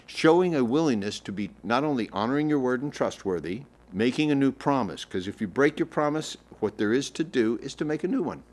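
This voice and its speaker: A man's voice: medium pitch, animated, a little fast, hardly any pauses, darkish tone. A man giving a livestreamed teaching talk on relationships, emphatic and repetitive, often acting out example phrasings. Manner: emphatic, repeats and rephrases points; coaching, acts out example phrasings.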